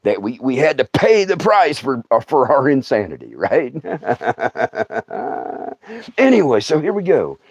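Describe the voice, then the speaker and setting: Lively man telling comic stories. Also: medium pitch, slow pace, husky, no echo, highs cut off. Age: middle-aged. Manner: animated, laughs often, acts out scenes. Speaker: storyteller host. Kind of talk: comic storytelling livestream.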